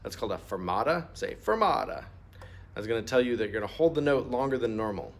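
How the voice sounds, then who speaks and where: Speaking rapid-fire in a medium-pitched, somewhat dark voice, a middle-aged music teacher patiently guides students through an instrument lesson step by step. He has them repeat the terms out loud.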